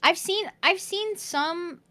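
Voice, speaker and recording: High, bright woman with a lively voice. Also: slow pace. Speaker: guest on a chat stream. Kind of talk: casual chat.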